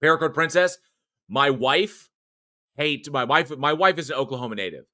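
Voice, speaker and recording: A man chats loosely as a podcast host, reading viewer comments and circling back on himself. His voice sits at an ordinary pitch but sounds bright and forward. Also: animated, normal speed, no room sound, clean studio sound. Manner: rambling, chatty, many restarts and chuckles. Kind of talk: casual live-stream chat, reading viewer comments.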